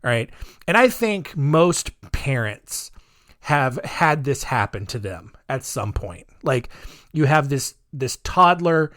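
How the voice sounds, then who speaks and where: A man's voice: medium pitch, sing-song, takes it slowly, fairly bright tone, no room sound, studio quality. A man hosting a podcast, telling a story in a chatty, rambling way with sarcastic asides. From United States. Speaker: podcast host.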